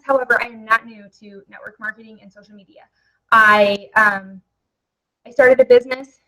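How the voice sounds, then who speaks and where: Wearing a headset mic, a young woman gives a live, chatty webinar pitch for network marketing, full of fillers. Her voice is a little high and fairly bright, though the audio quality is poor.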